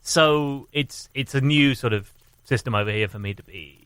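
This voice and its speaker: Man, radio co-host, wry, self-deprecating, bright. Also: mid-range voice, moderate pace, clean tone, dry recording. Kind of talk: casual banter.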